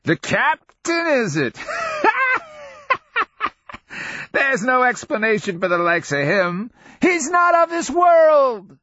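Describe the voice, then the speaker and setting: A man voicing a hoary, half-mad old male sergeant with a harsh, rasping voice who cackles and rambles in conspiratorial glee. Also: mid-range voice, big pitch swings, takes it slowly, fairly bright tone, highs cut off, a little hiss or hum, voice pushed up. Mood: cackling, loud.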